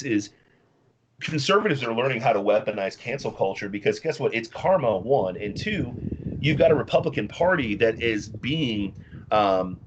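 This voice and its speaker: A man's voice: mid-range voice, slight background noise. A man from the US Midwest, a guest on a talk show, ranting bluntly and combatively about politics. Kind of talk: casual political chat.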